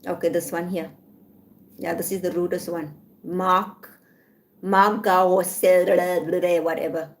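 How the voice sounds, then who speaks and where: A woman's voice: on the low side, flat delivery, takes it slowly. A woman hosting a livestream from her home, blunt and irritated, talking to herself as she checks messages. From South Africa. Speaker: livestream host. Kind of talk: casual livestream talk. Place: home room in Malaysia.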